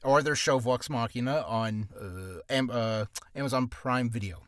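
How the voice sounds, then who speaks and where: A voice actor vlogger with a medium-pitched, slightly bright voice talks a little slowly in a casual screen-share vlog. He rambles goofily and often cuts himself off mid-sentence. The audio is studio quality with no echo.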